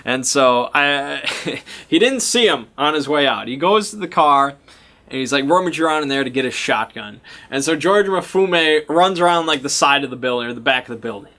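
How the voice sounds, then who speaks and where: A man's voice: fairly high pitch, expressive, normal speed, pushed and bright. A man recapping a tabletop game session as its game master, rambling and often stopping to hunt for names. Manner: rambling and self-interrupting, often loses track of names. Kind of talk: casual storytelling recap.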